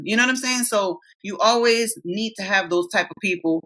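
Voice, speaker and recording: A woman's voice: mid-range voice, a little fast, fairly bright tone. A woman in her thirties co-hosting a podcast, chatting candidly and swearing freely as she tells stories and acts out friends' lines. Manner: candid, profane, storytelling with quoted voices. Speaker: podcast co-host. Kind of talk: casual chat.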